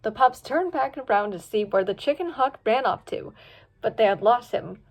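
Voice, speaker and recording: A woman reading a children's fanfiction story aloud, switching into voices for each character. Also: normal speed. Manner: lively, voices each pup and hawk with pitch jumps. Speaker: fanfiction reader.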